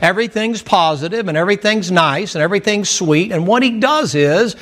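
A man's voice: sits high, lively intonation, brisk, a bit bright. A male preacher delivers a sermon in a folksy, storytelling manner. He makes emphatic asides to his listeners, and his voice sits a little above the middle for a man.

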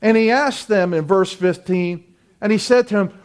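A man preaches a sermon in a high, ringing voice. He leans hard on key phrases and draws them out. The congregation answers him throughout. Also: moderate pace, clear, resonant tone. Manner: emphatic preaching with call-and-response. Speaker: pastor.

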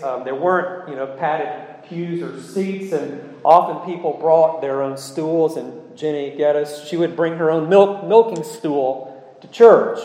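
A man's voice: on the high side, dark tone. A male pastor preaching a sermon, earnest and asking his listeners rhetorical questions. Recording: echoey hall with long reverb.

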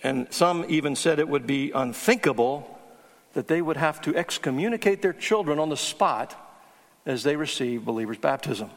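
A man's voice: fairly high pitch, lively intonation, moderate pace, in a large hall. A man preaching a teaching sermon, earnest and emphatic on key words. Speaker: pastor.

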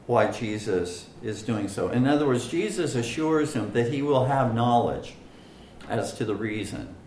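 Slow, deliberate man teaching Scripture. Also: medium pitch, reverberant, a little hiss or hum, rough recording. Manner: slow and deliberate, many "uh" fillers, stresses single words. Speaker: Bible teacher. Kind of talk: Bible study teaching.

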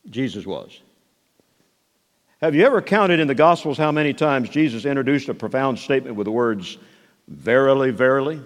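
A man preaching a sermon, moving between soft asides and raised, emphatic declarations. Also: medium pitch. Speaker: pastor. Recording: long hall reverb.

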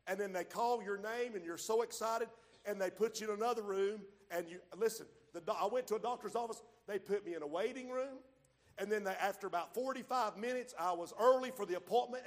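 A man preaching a sermon, swinging from loud shouts to quiet low asides and drawing key phrases out slowly. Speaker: pastor. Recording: long hall reverb.

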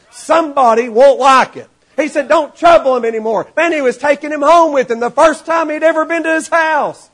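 A man preaching a sermon to his congregation, animated and rising to shouts, acting out the people in his stories. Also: very high-pitched. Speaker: pastor.

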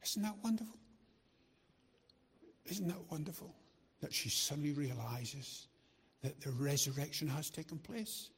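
A man's voice: a little high, moderate pace, slightly rough. A middle-aged man preaching a sermon in a chatty, joking way, often repeating words as he restarts his sentences. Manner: chatty, joking asides to the congregation. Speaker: lay preacher.

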